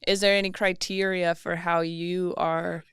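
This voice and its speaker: A woman hosting a podcast, chatting casually in an upbeat way with frequent laughs and quick interjections. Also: on the low side, flat delivery, fairly bright tone, clear, resonant tone, no echo. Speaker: podcast host.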